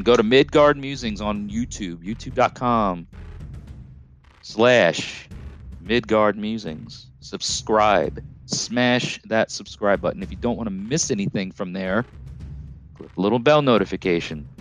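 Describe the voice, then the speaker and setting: A man hosting his own podcast alone, rambling and joking casually with lots of fillers. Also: on the low side. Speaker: podcast host.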